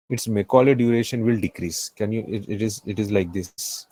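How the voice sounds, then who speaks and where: A man's voice: fairly low pitch, normal speed, dark tone, no room sound, rough recording. A man with an Indian English accent teaching a finance class, repeating key phrases and often checking that the students follow. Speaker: finance tutor. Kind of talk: live classroom lecture.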